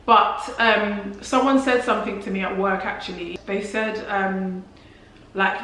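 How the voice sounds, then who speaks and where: Talking casually to her viewers, a young Englishwoman from London with a London accent speaks at a measured pace in a fairly bright, medium-pitched voice with fairly even intonation. She uses "like" a lot and often restarts. The room is very echoey, with a bit of hiss or hum.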